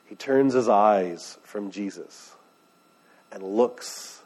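A man's voice: fairly low pitch, extremely slow, darkish tone, breathy edge. A man preaching a sermon in a conversational way, asking the listeners questions and retelling scripture in everyday words. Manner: conversational, asks the room questions. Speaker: pastor.

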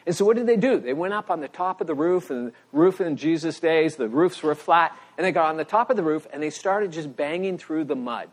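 Middle-aged pastor preaching with animated storytelling. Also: male voice, on the high side, a little fast, hardly any pauses. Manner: animated storytelling, voice rising for emphasis. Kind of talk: sermon.

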